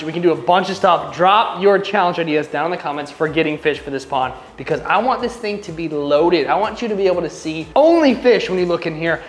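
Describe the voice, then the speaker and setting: A man hosting a fish-keeping vlog, talking in an excitable, slangy, hyped-up way about his new fish. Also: fairly high pitch, reverberant. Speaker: fish channel host. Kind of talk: casual upbeat vlog chat.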